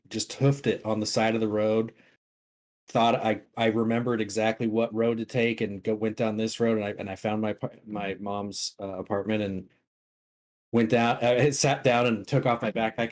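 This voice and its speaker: Young male co-host, somewhat low voice, laid-back anecdote teller. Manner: laid-back storytelling with casual swearing. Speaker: podcast co-host. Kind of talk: casual chat.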